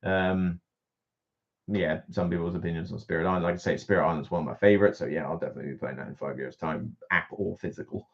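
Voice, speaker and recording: Guesting on a board game live stream, this reviewer from England's West Country speaks in that accent with a deep, gravelly voice, talking fast with fairly even intonation. He's casual and laughs a lot, and the stream audio is dull lo-fi.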